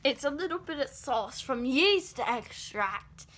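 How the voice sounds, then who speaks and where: Brief: high-pitched girl, playful school-project presenter who drops crikey and mate. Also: animated, takes it slowly, a bit bright, a little hiss or hum.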